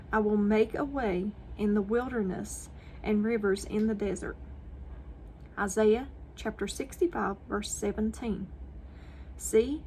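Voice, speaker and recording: Slow, earnest woman reading scripture. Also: medium pitch, darkish tone, slight background noise. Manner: deliberate, earnest reading with stressed phrases. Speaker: devotional channel host. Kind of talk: reading scripture for a morning devotional.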